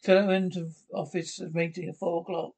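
An actor playing a composed male law-firm executive, speaking in a measured, businesslike way. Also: high-pitched, flat delivery, darkish tone. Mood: cool. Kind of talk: TV drama dialogue.

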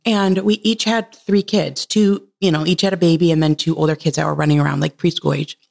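A woman in her thirties, a podcast guest, telling a heartfelt personal story in casual conversation. She laughs often and leaps up in pitch when she quotes herself. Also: steady tone, fairly quick, vocal fry, a little mellow. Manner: earnest and heartfelt.

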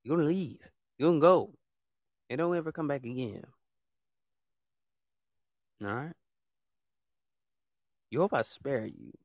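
A man's voice: a little high, animated, measured pace, pauses often, no room sound. Fed-up man ranting, dry close sound. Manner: fed-up, blunt, repeats himself; casual slangy speech. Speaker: podcast host. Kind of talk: ranting monologue.

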